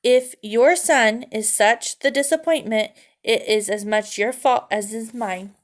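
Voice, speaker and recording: A woman's voice: a little high, unhurried, natural voice. Woman doing a vain, scoffing mother mouse. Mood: indignant. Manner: exasperated, scoffing. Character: vain, dismissive mother mouse with French airs. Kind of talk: storybook read-aloud.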